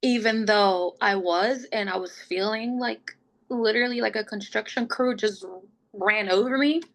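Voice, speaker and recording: A young adult woman, a podcast guest, telling her pregnancy story in a casual, chatty way, full of "like" and quick laughs, open and emotional. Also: medium pitch. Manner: chatty, fills speech with "like", laughs often.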